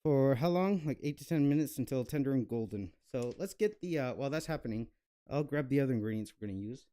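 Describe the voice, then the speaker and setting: Rambling young man with a mellow voice. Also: medium pitch, animated, quick pace. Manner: rambling, self-mocking, many fillers. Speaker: cooking channel host. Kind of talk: casual cooking vlog chat.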